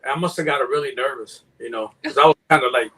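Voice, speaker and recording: A man's voice: mid-range voice, quick pace, pushed and bright, slightly rough. An older man from Mexico, a guest breeder, telling joking stories in casual live chat and acting out his sales banter.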